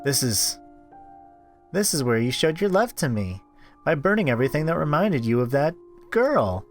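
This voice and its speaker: Male let's-play host, animated narrator, faint music bed. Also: fairly high pitch, normal speed. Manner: expressive, wry asides. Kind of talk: reading a visual novel aloud.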